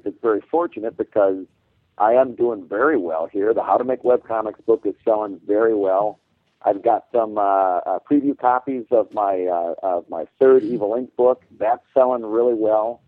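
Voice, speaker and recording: A man's voice: on the low side, dry recording, phone-quality sound. A man co-hosting a podcast, recounting a story in casual chat, often stumbling and repeating his words. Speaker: podcast co-host.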